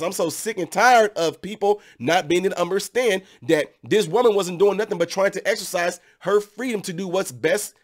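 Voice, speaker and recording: A man hosting an opinion video, ranting sarcastically and firing rhetorical questions at his viewers. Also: high voice. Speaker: commentary channel host.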